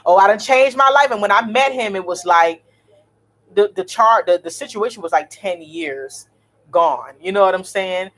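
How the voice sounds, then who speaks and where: A woman, in her thirties, telling a story in a blunt, animated, cursing vlog style. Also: medium pitch, normal speed. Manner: blunt, animated, swears freely. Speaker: vlogger.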